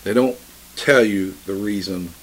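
A man preaching a sermon, reading scripture slowly and solemnly, then explaining it with emphatic swells in his voice. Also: fairly low pitch, slight background noise.

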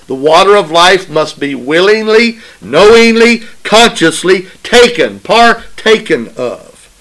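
Slow, emphatic man preaching a sermon. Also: high-pitched, sharp tone, rough recording. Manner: call-and-response preaching, asks congregation "right?"; emphatic, repeats phrases for stress.

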